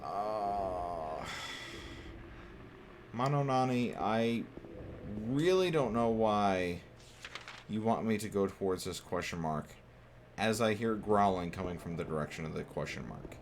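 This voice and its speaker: A man with a very low voice gives loose, wisecracking commentary as he plays a horror game, chatting to the on-screen characters and cursing when he gets frustrated. A steady hiss of noise sits under his voice. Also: a little slow. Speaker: gameplay streamer. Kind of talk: casual let's-play commentary.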